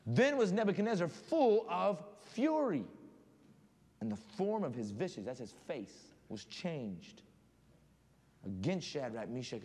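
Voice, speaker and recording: Animated preacher in a reverberant church. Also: male voice, medium pitch. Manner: animated storytelling with scripture reading. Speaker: guest preacher. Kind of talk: sermon. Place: church sanctuary. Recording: long hall reverb, faint room noise.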